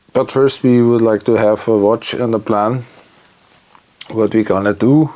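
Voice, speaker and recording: A man talking himself through an electronics repair at his workbench, in halting English and muttering as he works. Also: medium pitch, warm tone.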